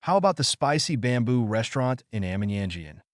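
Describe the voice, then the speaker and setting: A man's voice: medium pitch, big pitch swings, brisk, no room sound, natural voice. A man reading as a polite, curious young college student, his voice moving up and down a lot. The sound is dry and close, as in a storybook recap. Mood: suggesting.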